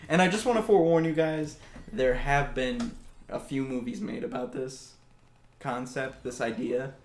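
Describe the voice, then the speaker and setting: Here a man of medium pitch and moderate pace hosts a spooky tale told in a casual, joking way, chuckling at his own side remarks. The recording carries room echo and a faint hiss.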